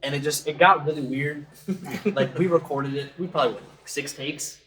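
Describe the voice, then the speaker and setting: A man talks through his thoughts in a relaxed, rambling way. His voice sits mid-pitch, carries room echo, and sounds a little away from the mic. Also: moderate pace. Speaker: tabletop game player. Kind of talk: casual chat. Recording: roomy and distant from mic.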